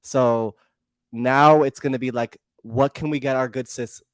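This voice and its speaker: A man's voice: medium pitch, steady tone, unhurried, clean tone, no room sound. Male podcast co-host, emphatic and shady, dry close sound. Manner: emphatic, profane, playfully shady. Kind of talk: casual chat.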